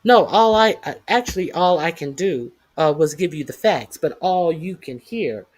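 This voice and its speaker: A livestream host giving news commentary in a taunting, profane way, filling pauses with constant "uh"s. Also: mid-range voice, expressive. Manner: profane, taunting, heavy "uh" fillers. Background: reading chat comments.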